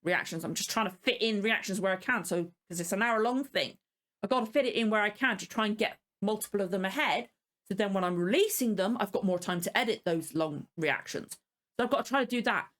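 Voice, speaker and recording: A woman's voice: mid-range voice, brisk, a bit bright. A woman hosting a casual reaction video, rambling and frank, openly annoyed about the episode she watched. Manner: rambling and frank, many fillers and restarts. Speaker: reaction channel host.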